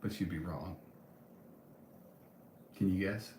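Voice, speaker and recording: A man hosts a casual live stream and answers viewer comments in a loose, rambling way, often stopping and restarting. His voice sits low. The room is echoey, with a faint hum of ambience behind him. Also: fairly even intonation, slow, a little mellow. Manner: rambling, with many ums and restarts.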